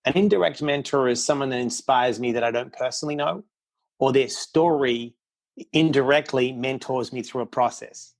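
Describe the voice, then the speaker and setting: A middle-aged man speaking as a podcast guest, with a voice of ordinary pitch. He tells his story in a blunt, candid, unpolished way. He acts out other people's quoted words as he goes. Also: normal speed. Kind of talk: casual storytelling interview.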